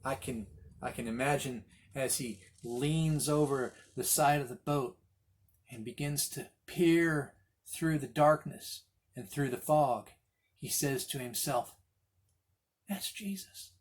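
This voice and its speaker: A middle-aged man leading a Bible study, telling the story with animated voices for the quoted lines. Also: mid-range voice, slow pace. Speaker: pastor.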